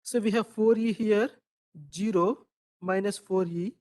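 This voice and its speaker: A man's voice: high voice, steady tone, measured pace, darkish tone. A man teaching a classroom lecture, quizzing students, repeating their answers and asking "right?" again and again.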